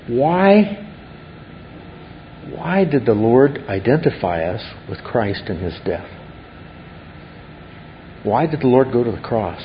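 A man's voice: medium pitch, animated, takes it slowly, long pauses, muffled recording, slight background noise. A man preaching a sermon as pastor, earnest and building to exclaimed wonder.

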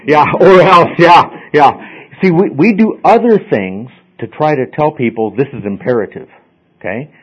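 A man's voice: mid-range voice, animated, normal speed, husky. Man teaching a class, checking in often. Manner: explains step by step, checks in with frequent "okay?". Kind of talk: classroom lecture. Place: classroom with students. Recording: slightly dull lo-fi recording.

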